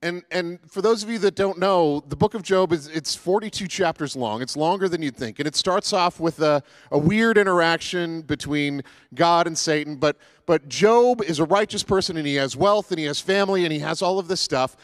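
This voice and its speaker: A man's voice: fairly high pitch, moderate pace, no room sound, clean studio sound. A man giving a casual, joking sermon as pastor, with many fillers and restarts.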